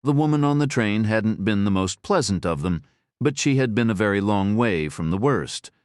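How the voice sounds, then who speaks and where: A man narrates a first-person thriller audiobook in a steady, matter-of-fact way. His voice is very low. The recording is close and dry, with no room sound. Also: moderate pace, no echo.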